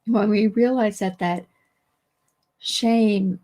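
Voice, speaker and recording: A woman therapist giving a casual solo talk, reassuring and thinking aloud, hoarse because she is losing her voice. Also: medium pitch, steady tone, very slow. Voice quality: gravelly, husky. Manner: warm-hearted, reassuring, thinks aloud with restarts. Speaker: therapist and teacher.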